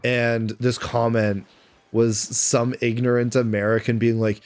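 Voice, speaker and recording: Speaking a little slowly with a flat delivery, this medium-pitched Canadian streamer chats casually during a live stream. He reads and answers viewers' questions aloud between moments in his game.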